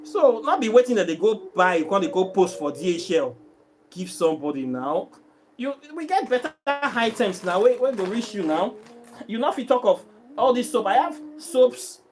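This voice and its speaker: A Nigerian man with a high voice and a Nigerian accent that drifts into Pidgin, speaking to his channel's viewers. He vents in an exasperated, repetitive way, circling back to the same complaint again and again. It comes across as an unscripted vlog rant. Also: sing-song, moderate pace, music in the background. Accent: Nigerian, mixing in Pidgin. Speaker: vlogger selling herbs and spiritual products.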